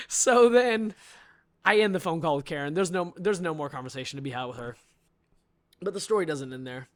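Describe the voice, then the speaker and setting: A man with a fairly high voice tells an outraged story on a podcast. He builds up, gets louder and laughs between lines. The sound is dry and close. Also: animated, moderate pace, long pauses, no echo. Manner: indignant, building, with bursts of laughter. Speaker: podcast guest. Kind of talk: animated storytelling rant.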